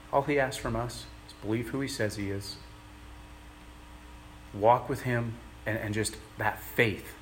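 A man giving a conversational sermon, earnest and plain-spoken, pausing often as he works through his thoughts. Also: mid-range voice, slight background noise. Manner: earnest, plain-spoken, halting with many pauses. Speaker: preacher.

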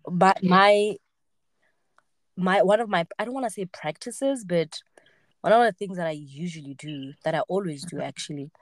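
A woman's voice: fairly low pitch, normal speed, no echo. Chatty woman in her twenties, dry sound. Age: 20s. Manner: animated storytelling, acts out quoted voices. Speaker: podcast host. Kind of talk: casual chat.

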